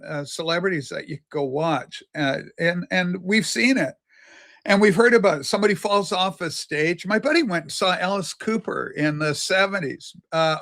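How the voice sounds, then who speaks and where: Bright-voiced older trans woman host. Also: on the low side. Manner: rambling, chatty, many fillers and restarts. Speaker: livestream show host. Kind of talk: casual rambling livestream chat.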